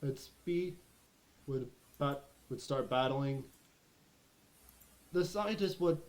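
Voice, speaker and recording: A man with a medium-pitched voice narrates as game master of a tabletop role-playing session, frequently pausing and starting his phrases over.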